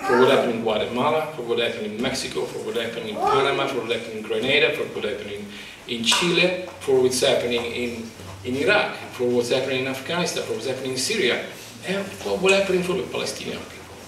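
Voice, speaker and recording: A male photographer speaking about his exhibit in a halting, passionate way, searching for words, at a microphone. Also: medium pitch, background noise. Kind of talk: emotional public talk. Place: exhibit talk at a college, indoors. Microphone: microphone in front of him. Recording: echoey room, distant mic.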